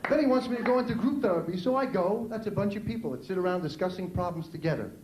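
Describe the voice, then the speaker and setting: A man's voice: high voice, expressive, quick pace, a little mellow. A male stand-up comedian from New York City with a New York accent, telling wry, self-mocking jokes on stage. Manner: wry, self-mocking delivery with punchy punchlines. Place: comedy club stage before a live audience. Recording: echoey club, noisy old VHS tape.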